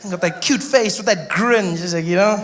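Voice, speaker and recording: A man's voice: sits high, fairly quick, a bit bright. A man from South Africa doing a stand-up comedy routine, telling stories animatedly and acting out the scenes.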